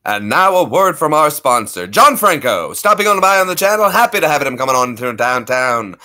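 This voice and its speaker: A man putting on a hyped, drawn-out radio and ring announcer voice. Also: fairly high pitch, sing-song, bright, forceful tone, pitched above the performer's own voice, full character voice. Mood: hyped announcing.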